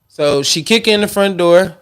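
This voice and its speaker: A man's voice: sits high, moderate pace, smooth. A man hosting a podcast, talking loose and slangy and half-singing his catchphrases. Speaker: podcast host. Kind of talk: casual podcast sign-off chat.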